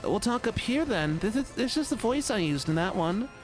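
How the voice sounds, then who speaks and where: Male streamer doing a timid, whiny young man who stammers. Pitched high, swooping. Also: very animated, normal speed, faint music behind. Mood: whiny bashful.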